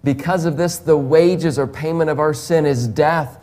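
A man sharing the gospel one-on-one. He speaks slowly and with emphasis, chuckling often as he explains with everyday examples. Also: a little high, fairly even intonation, darkish tone.

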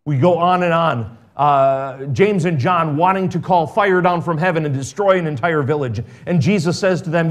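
A man preaching a sermon as pastor, reading scripture aloud and swinging between emphatic and quiet delivery. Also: fairly high pitch, expressive, normal speed.

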